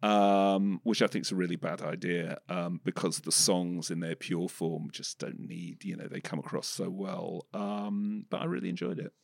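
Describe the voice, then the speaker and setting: A man with an English accent discussing a film on a podcast, measured and hedging, full of "you know"s. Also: low voice, fairly even intonation, creaky, no room sound, clean studio sound. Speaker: film critic.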